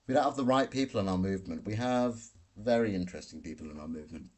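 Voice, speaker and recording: A brash man rants through a live Q&A stream, swearing freely as he fires back at chat questions. His voice sits a little low for a man. He streams from a hotel room. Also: fast talker, darkish tone. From Britain. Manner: brash, profane ranting. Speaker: livestream host.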